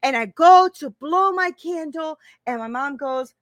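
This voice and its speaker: A woman's voice: sits high, animated, unhurried, hardly any pauses. A woman in her fifties, a life coach talking casually to a live-stream audience, emphatic and repeating her phrases, often checking in with "right?". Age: 50s.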